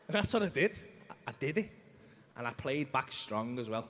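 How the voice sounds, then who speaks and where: A man doing stand-up in a comedy club, telling a story in an animated, sweary way and acting out the voices of the people in it. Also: mid-range voice, a little fast, slight background noise. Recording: live club room with reverb.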